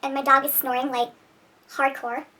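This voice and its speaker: Brief: giggly woman vlogger, very high and bright voice, rambling self-mocking chatter, mic a little distant, faint music behind. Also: level tone, normal speed. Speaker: beauty vlogger. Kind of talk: rambling outtake chatter to camera. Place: room at home.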